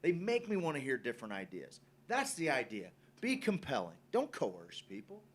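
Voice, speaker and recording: A man's voice: medium pitch, wildly swooping pitch, moderate pace, husky. A man co-hosting a casual talk show, speaking emphatically and swearing now and then. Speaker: podcast co-host. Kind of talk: casual chat.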